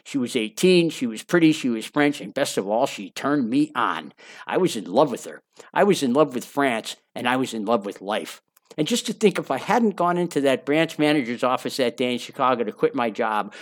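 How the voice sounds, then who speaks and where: An older man tells his life story aloud, reading from his memoir. He sounds folksy and enthusiastic and drops chatty asides between the sentences. His pitch sits in the middle for a man. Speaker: narrator. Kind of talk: memoir narration.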